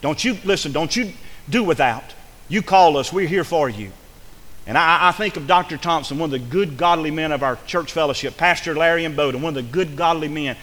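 Fervent preacher in a reverberant hall. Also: male voice, fairly high pitch, fairly quick, fairly bright tone. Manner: fervent preaching with repeated phrases and restarts. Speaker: pastor. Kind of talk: sermon.

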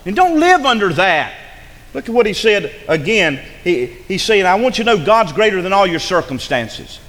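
A man's voice: sits high, lively intonation, moderate pace, a bit bright. A man preaching a sermon as pastor, emphatic and repeating lines for effect. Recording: long hall reverb.

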